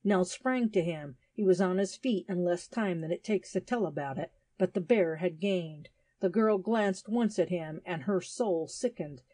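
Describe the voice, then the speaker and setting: A woman reading a story aloud at a steady pace, lifting her voice when the characters speak. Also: on the low side, measured pace, no room sound. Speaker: story reader. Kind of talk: scripted narration of a graded English reader.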